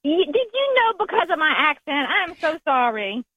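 A woman with a Southern US accent calling in to a radio show, talking in a warm, gushing way and restarting her phrases. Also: high-pitched, very animated, normal speed, no room sound. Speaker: caller. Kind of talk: call-in phone conversation. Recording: tinny phone line.

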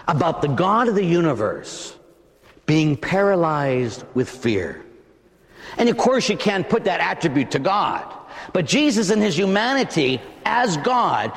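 A man preaching a sermon in a church, acting out scenes and swinging from hushed tones to shouting. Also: sits high, gravelly. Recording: long reverb of a large hall.

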